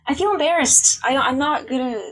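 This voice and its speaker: A young woman live streaming, chatting casually with her chat, blunt and swearing freely, her voice swinging from loud to hushed. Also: high voice, a little fast, poor audio.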